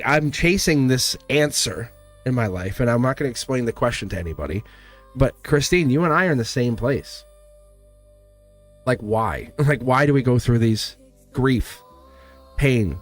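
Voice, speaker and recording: A man at a mid-range pitch gives a live tarot reading over soft music. He talks earnestly and with emphasis, circling back on his phrases and tripping over words as he goes. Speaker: tarot reader.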